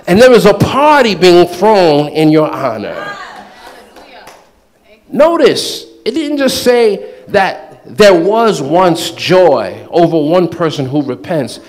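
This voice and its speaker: High-pitched guy preaching, animated and playful, acts out little voices. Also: slow pace. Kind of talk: sermon.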